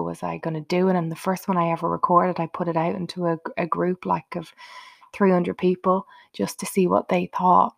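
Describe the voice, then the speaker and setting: A woman's voice: medium pitch, vocal fry. A woman hosting her own motivational podcast, talking unscripted and earnestly, chatting straight to her listeners. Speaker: podcast host.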